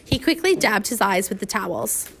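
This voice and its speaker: A woman reading a first-person audiobook aloud, with an emotional, expressive telling. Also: mid-range voice, moderate pace, vocal fry, husky. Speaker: audiobook narrator.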